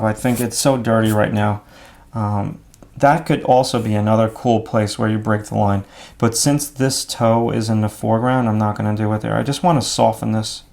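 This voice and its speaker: A man explaining his drawing steps out loud as he works, in a relaxed, thinking-aloud way. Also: lowish voice, gravelly. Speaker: art instructor. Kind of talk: drawing demonstration.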